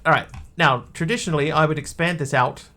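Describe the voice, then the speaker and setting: A man's voice: a little high, fairly quick, bright, forceful tone. A man streaming a video game live, rambling, telling jokes and talking to his chat. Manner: rambling, joking, talks to chat.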